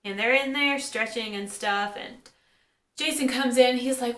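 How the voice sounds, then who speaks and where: Woman, casual episode recap, chatty asides, high-ish voice, echoey room. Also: bright, forceful tone. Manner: chatty, quotes characters in quick asides. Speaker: TV episode reviewer.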